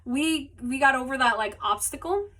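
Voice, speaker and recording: A woman's voice: high-pitched, animated, moderate pace, pushed and bright, recorded from a distance. A woman casually telling a personal story as a podcast host, rambling with lots of "like" and "you know", recorded on a phone. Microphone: phone mic.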